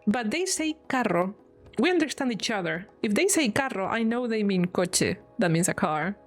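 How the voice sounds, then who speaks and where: A woman's voice: medium pitch, very animated, normal speed, soft background music. A woman from Spain with a Spanish accent, chatting casually on a live stream, laughing often and explaining things with examples.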